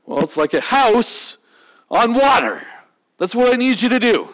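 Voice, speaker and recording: A man's voice: very high voice, big pitch swings, unhurried, fairly bright tone, voice pushed up, exaggerated voice, poor audio. A man voicing God as a patient male deity explaining things plainly and casually, acted out in a sermon. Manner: casual, explanatory, matter-of-fact.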